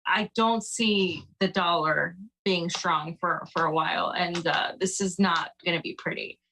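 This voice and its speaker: Woman, co-host, casual news commentary, bright voice, sarcastic, chatty, filler-heavy. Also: fairly low pitch, steady tone, unhurried, vocal fry, low-quality recording.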